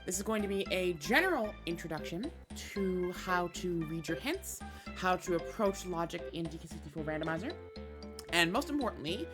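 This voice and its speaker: A woman's voice: on the low side, expressive, normal speed, music in the background. A woman getting over a cold, explaining game logic in a tutorial voice-over, with a slightly self-amused, explanatory manner. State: sick with a cold. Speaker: randomizer dev team member explaining hints.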